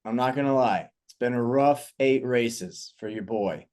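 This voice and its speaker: A man's voice: medium pitch, unhurried, darkish tone. A man co-hosting a podcast, talking casually in an upbeat, playful, self-mocking way. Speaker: podcast co-host.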